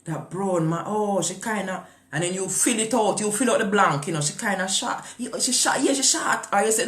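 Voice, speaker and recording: A woman's voice: medium pitch, moderate pace, few pauses, reverberant. A woman with a Jamaican accent hosting a morning show in casual chat. She talks with passion, firing rhetorical questions and mixing patois with English.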